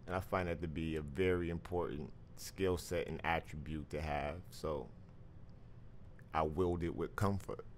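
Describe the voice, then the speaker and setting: A man with a booming voice hosting a live call-in stream, musing slowly and philosophically before taking callers. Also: fairly even intonation, a little hiss or hum. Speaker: live stream radio host. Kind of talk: reflective monologue and call-in chat.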